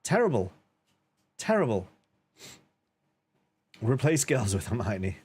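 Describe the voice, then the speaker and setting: A man's voice: medium pitch, big pitch swings, takes it slowly, darkish tone, slightly rough. A man chatting casually on a live stream, laughing often and reading out chat messages. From northern England.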